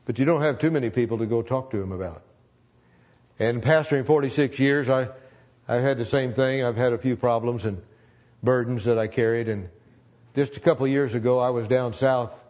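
A man's voice: medium pitch, fairly even intonation, moderate pace, long pauses, a little mellow, muffled recording. A man in his seventies, a longtime pastor, telling a personal testimony with earnest emotion and repeating phrases for emphasis.

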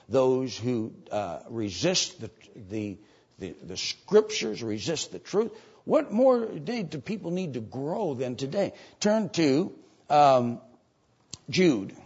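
A man's voice: mid-range voice, slightly rough. Older guy preaching, voice jumps all over, muffled lo-fi sound. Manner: swings from loud emphatic preaching to quiet asides; reads scripture aloud in old-fashioned wording. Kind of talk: sermon. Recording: dull lo-fi sermon recording.

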